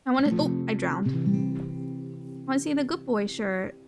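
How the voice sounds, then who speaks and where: A young woman streaming a game in casual chat, excitable, gasping often and repeating her phrases. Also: high voice, normal speed, creaky, music in the background.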